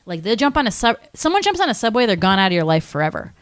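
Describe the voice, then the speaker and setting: A woman co-hosting a podcast, telling a film's plot in a chatty, animated way with lots of "like" and acted-out quotes. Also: mid-range voice, quick pace, smooth. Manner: animated storytelling with many likes and acted-out quotes. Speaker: podcast co-host. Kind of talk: casual movie recap chat.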